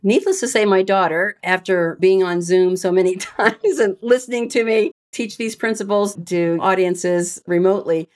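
A woman guest on a podcast tells anecdotes with animated energy and frequent laughter. Her voice sits at a middle pitch. She sounds casual and chatty. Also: moderate pace, hardly any pauses. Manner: animated storyteller, laughs often. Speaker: guest, retired rear admiral and speaker. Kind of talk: casual interview chat.

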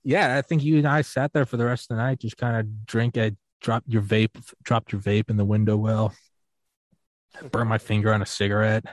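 A man's voice: fairly low pitch, level tone, moderate pace, no room sound, clean studio sound. A man hosting a podcast, telling a rambling, profane drinking story in casual chat. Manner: rambling and profane, full of fillers and restarts. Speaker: podcast host.

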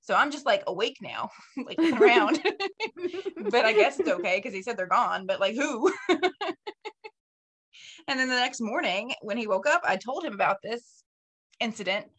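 A woman's voice: fairly high pitch, moderate pace, pauses often, slightly rough. Profane, laughing podcast cohost woman. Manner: laughing, profane, animated storyteller. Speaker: podcast co-host. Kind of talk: casual storytelling chat.

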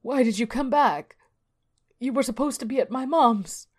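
A woman voicing a terrified, grief-stricken adult man who shouts in desperation in a horror story. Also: sits high, normal speed, pitched above the performer's own voice. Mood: anguished.

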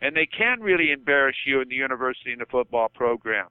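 Older male coach calling in by phone, earnest and heartfelt, crisp voice through a tinny line. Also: medium pitch, lively intonation, quick pace, few pauses, no room sound. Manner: passionate, repeats himself, says okay. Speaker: football coach guest. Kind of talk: podcast phone-in chat.

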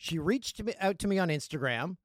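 Lively, joking male podcast host. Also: high voice, brisk, dry recording, clean studio sound. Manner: animated, jokey, riffing. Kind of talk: casual solo podcast chat.

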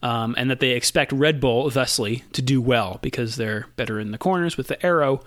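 A man's voice: mid-range voice, fairly quick, no echo, clean studio sound. Laid-back man hosting a chatty podcast. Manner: relaxed, laughs often, many fillers. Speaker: podcast host. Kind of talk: casual chat.

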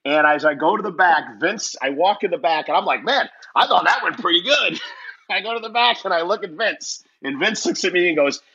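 Man, guest storyteller, husky, bright edge, lo-fi sound, self-mocking. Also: fairly high pitch, fairly quick. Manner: lively, self-mocking, acts out quoted voices. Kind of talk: animated storytelling in a casual interview.

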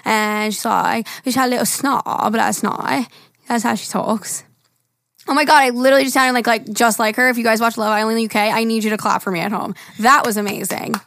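A young woman with a raspy voice co-hosting a chatty podcast, blunt and quick to laugh. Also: on the high side, steady tone, fairly bright tone, no echo. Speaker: podcast co-host. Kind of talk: casual chat.

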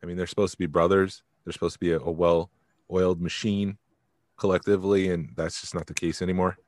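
A man's voice: low voice, level tone, a little fast, darkish tone, no room sound. A man co-hosting a podcast, chatting casually and rambling, often trailing off mid-thought. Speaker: podcast co-host.

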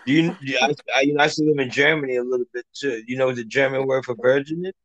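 A man's voice: medium pitch, fairly even intonation, rapid-fire, fairly bright tone, dull audio. A man in casual chat, telling joking stories and mimicking the people in them. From United States. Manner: joking storyteller, mimics others. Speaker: conversation partner.

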